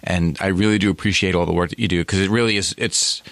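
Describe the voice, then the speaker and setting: A man's voice: low-pitched, steady tone, fast, creaky, a bit bright, no echo. A man with a New York accent, hosting a podcast interview and speaking with effusive enthusiasm. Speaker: podcast host.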